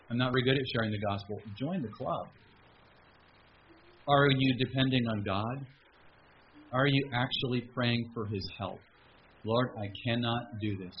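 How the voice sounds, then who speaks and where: Male pastor, sermon, fervent, pleading prayers, muffled recording, faint hiss. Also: medium pitch. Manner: builds from calm teaching to loud fervent exhortation; acts out his own prayers in a raised, pleading voice.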